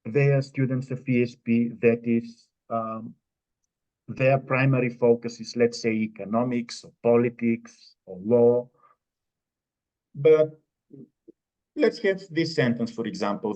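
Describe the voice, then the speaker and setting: A man presenting at a conference, answering an audience question in a measured, explanatory way with many pauses. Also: medium pitch, darkish tone. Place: conference room. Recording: dull lo-fi recording.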